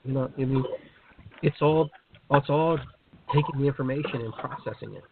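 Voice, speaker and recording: A man's voice: medium pitch, fairly even intonation, normal speed. Musing man on a tinny call line. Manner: musing, repeats words while thinking. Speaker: host. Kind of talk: casual spiritual discussion. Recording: tinny phone-like line, faint hiss.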